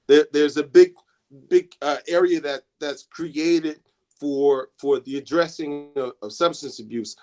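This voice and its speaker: A man's voice: medium pitch, steady tone, moderate pace, a little mellow. A man, a student assistance coordinator, talking to students in a classroom with many restarts and fillers.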